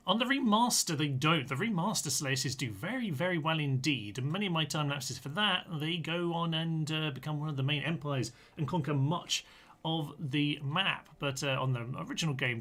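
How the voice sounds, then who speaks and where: A man's voice: a little high, normal speed, a bit bright. A man commenting on a live-streamed strategy game, chatty and full of ums as he reads out and answers viewers' chat comments.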